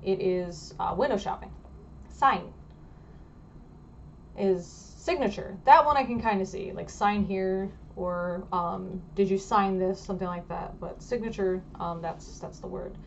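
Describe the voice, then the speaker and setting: A woman's voice: mid-range voice, a little slow, gravelly, lo-fi sound, slight background noise. A woman vlogger explaining things in a casual, rambling way, full of fillers and restarts.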